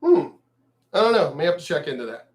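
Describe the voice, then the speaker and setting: A man's voice: fairly high pitch, big pitch swings, a little fast. A man from El Paso, Texas, ranting angrily about the news in a profane, mocking, emphatic vlog. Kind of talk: profane political rant.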